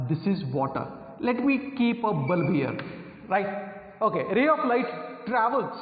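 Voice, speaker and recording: High-voiced male physics teacher lecturing. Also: roomy sound, in a large hall, phone-quality sound. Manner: repetitive, asks "right?" often, frequent fillers. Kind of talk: classroom lecture.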